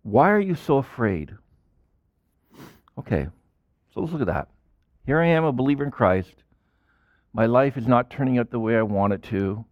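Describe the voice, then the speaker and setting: A man preaching a sermon as a pastor, in animated style with sudden loud bursts and quiet drops. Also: mid-range voice, a little fast, pauses often, no echo, highs cut off.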